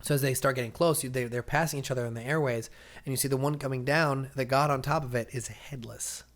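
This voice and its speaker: A man hosting a casual comics podcast, retelling a story in an animated way and acting out the characters' lines. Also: mid-range voice, quick pace. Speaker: comics explainer host.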